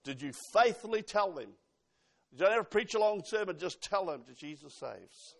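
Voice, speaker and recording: Kiwi guy preaching, pretty high voice, quotes scripture, keeps asking the church questions. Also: animated, normal speed, vocal fry, a bit bright. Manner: emphatic, quotes scripture, asks the congregation questions. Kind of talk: sermon.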